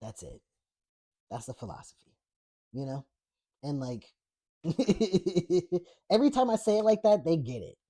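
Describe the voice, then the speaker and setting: A man's voice: fairly high pitch, sing-song, a little slow, long pauses, warm tone. A man hosting a podcast in a blunt, profane, rambling rant, laughing often as he reads chat comments. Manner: rambling with many fillers and restarts. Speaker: podcast host. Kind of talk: casual political rant reading live chat.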